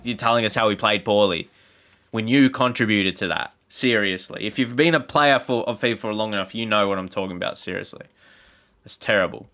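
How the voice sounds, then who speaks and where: Frustrated gamer ranting over gameplay. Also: male voice, brisk. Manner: frustrated ranting, sarcastic, jumps into excited high exclamations. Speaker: gaming YouTuber. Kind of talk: gameplay commentary.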